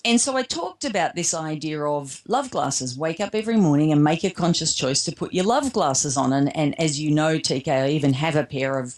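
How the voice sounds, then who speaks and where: An Australian woman with a low voice speaks as an interview guest. She tells stories in a lively, casual way and slips into the voices of the people she quotes. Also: a little fast, few pauses.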